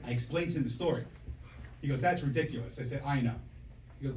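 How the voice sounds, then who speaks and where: Heard from afar in an echoey club full of loud crowd noise, a fortysomething comic does stand-up, telling crude, brash stories, engaging the audience and repeatedly asking "okay?" and "right?" His medium-pitched voice moves fast.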